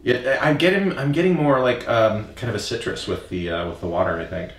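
A man chatting casually while tasting whisky with friends, hesitant and playful, with many fillers and restarts. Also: a little fast. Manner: hesitant, playful, lively pitch. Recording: roomy, distant mic.

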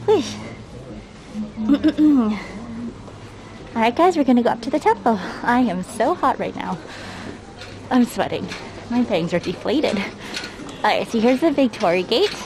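Climbing outdoor stairs and short of breath, a woman livestreams through a face mask in a highish, animated voice, speaking a little slowly with long pauses. The travel streamer chats casually, greets viewers by name, reads the chat aloud and pokes fun at herself, with background noise all around.

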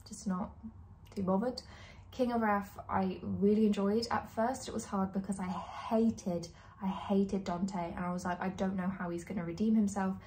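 A chatty young woman in her twenties talks straight to camera in a relaxed vlog. Her speech is candid and rambling, full of fillers. A faint hiss sits under her voice. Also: mid-range voice. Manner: chatty, candid, lots of likes and ums. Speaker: book vlogger. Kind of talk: casual chat.

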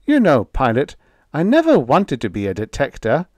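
A man's voice: mid-range voice, huge pitch swings, normal speed, no echo, voice pushed up. A man voicing a carefree male alien shapeshifter in the form of a dog, easygoing and cheerful.

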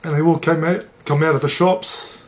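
A man's voice: a little high, fairly even intonation, normal speed. A middle-aged man, a former rugby league player, telling stories in an interview in a plain-spoken, salty way and acting out the dialogue. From New Zealand. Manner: plain-spoken, swears freely, acts out dialogue. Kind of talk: interview storytelling.

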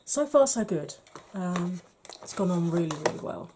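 Frank, chatty woman reviewing makeup, mellow voice. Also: fairly low pitch, animated, moderate pace, slight background noise. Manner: chatty and frank, dry jokes, drops to a half-whisper while blending. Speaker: beauty vlogger. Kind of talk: casual makeup review to camera.

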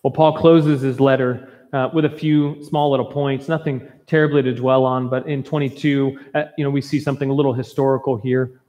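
A man preaching a sermon as pastor, earnest and emphatic, with warm conversational asides. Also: mid-range voice, level tone, fairly quick, few pauses, in a large hall. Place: church sanctuary.

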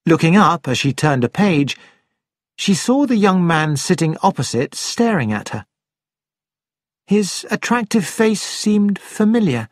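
A man reading a storybook aloud in a clear, measured way. His voice is somewhat high for a man and very unhurried. The sound is close and dry, with no room echo. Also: big pitch swings. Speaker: reader. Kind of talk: scripted narration.

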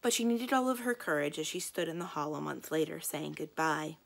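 Lady librarian reading a kids book aloud, lowish voice with some vocal fry, calm expressive. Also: a little fast. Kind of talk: children's book read-aloud.

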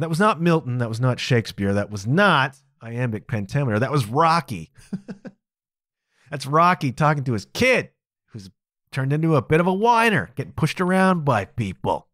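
A man's voice: fairly high pitch, expressive, normal speed, no echo, clean studio sound. A man hosting a podcast, musing aloud in a casual, conversational monologue and laughing often. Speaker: podcast host.

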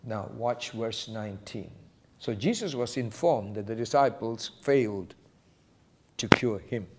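A man preaching a sermon as pastor, quoting scripture and acting out short exchanges with animated delivery. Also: fairly low pitch, unhurried, a little hiss or hum.

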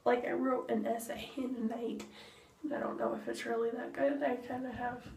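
A woman's voice: on the high side, level tone, normal speed, creaky, a little mellow, distant mic, a little hiss or hum. A woman chatting in a rambling, casual way for her daily vlog while she gets ready for bed at home. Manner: rambling, chatty, drifts between thoughts. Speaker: vlogger. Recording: echoey room, off-mic, faint ambience.

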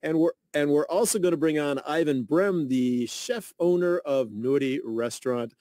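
A man's voice: fairly high pitch, normal speed, mellow, dry recording, clean studio sound. A man hosting a radio interview, welcoming guests and asking long, friendly questions. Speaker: radio host.

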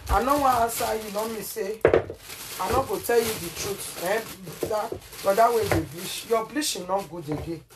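A woman's voice: mid-range voice, moderate pace, recorded from a distance. Woman, Nigerian Pidgin, cooking vlogger who scolds and repeats herself, sits back from the mic in a kitchen with faint noise. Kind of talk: casual cooking vlog rant.

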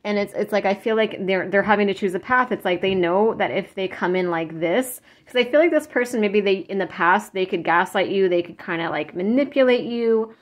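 A woman's voice: mid-range voice, fairly quick, few pauses. A woman giving a casual psychic tarot reading, talking in a rambling, earnest way with many restarts and fillers, and openly moved as she speaks. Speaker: tarot reader.

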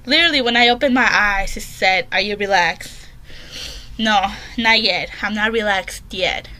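A woman's voice: medium pitch, normal speed, bright, forceful tone. A woman in her bedroom giving casual horror game commentary, reading questions aloud and answering them in a jumpy, chatty way. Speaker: gaming channel host.

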